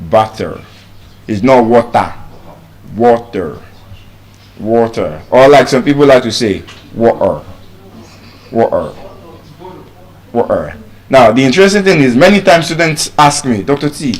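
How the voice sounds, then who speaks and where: A middle-aged man with a Nigerian accent teaching English pronunciation, repeating each word slowly to demonstrate the sounds. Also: medium pitch. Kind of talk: spoken English lesson.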